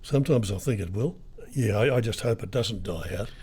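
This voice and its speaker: Husky older Australian raconteur. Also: male voice, lowish voice, animated, brisk, a little mellow. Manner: rambling storyteller, lots of ums and restarts. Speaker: retired radio broadcaster, guest. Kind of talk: anecdotal interview chat.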